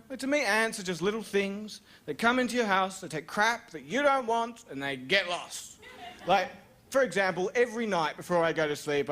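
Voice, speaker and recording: A young Australian man telling a rambling, self-mocking story on stage as a stand-up comedian. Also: fairly bright tone. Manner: rambling, self-mocking storytelling with sudden high-pitched jumps.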